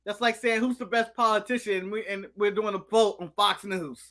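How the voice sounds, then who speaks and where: American male co-host, high and bright, animated ranter, eats on mic. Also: fairly quick. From United States. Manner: animated ranting, snacking while talking. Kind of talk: casual live-stream chat.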